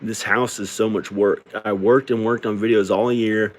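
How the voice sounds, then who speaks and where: A middle-aged video creator with a slightly low, level voice pours out a personal confessional monologue. Tearful and downcast, he halts and rambles as he speaks.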